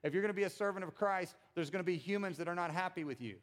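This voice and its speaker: A man preaching a sermon as pastor in a conversational, animated way. He repeats words when making a point and acts out quotes with big swings in pitch and loudness. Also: racing.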